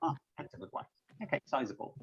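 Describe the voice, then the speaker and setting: A man's voice: fast talker, lo-fi sound. A man teaching an online English class, patiently quizzing students by name and explaining word pairings, heard over a video call.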